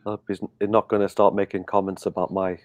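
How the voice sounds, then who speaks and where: Middle-aged guy, scouse accent toned down, rambles and restarts a lot, low voice, dry sound. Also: flat delivery, quick pace, a little mellow, no echo. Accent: softened Scouse. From Liverpool, England. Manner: rambling, many restarts and fillers. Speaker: guest. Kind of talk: casual chat.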